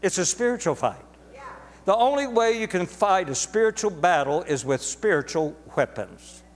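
A man's voice: sits high, animated, moderate pace, long reverb tail. A man preaching a sermon to a congregation, emphatic and repetitive, drawing words out for stress. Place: church sanctuary.

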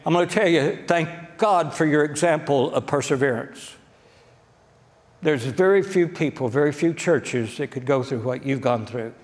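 Brief: male Oklahoman pastor, folksy and direct, slightly high voice, long church reverb. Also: normal speed. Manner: folksy, direct, addressing the congregation. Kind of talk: sermon. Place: church sanctuary.

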